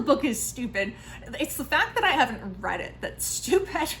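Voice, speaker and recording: A woman's voice: high voice, big pitch swings, normal speed, a bit bright, slight background noise, poor audio. Chatty self-mocking woman in her thirties. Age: 30s. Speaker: book vlogger. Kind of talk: casual vlog chat.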